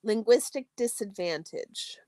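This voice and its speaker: Reading a textbook aloud for her study stream, this woman keeps an even, measured pace while the ends of her phrases trail off into a gentle whisper. She speaks at a medium pitch in a dry recording.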